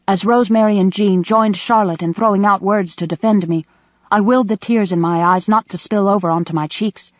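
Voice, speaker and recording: A woman narrating an audiobook in first person, with an even, measured reading. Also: medium pitch, no echo. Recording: dull dry close recording.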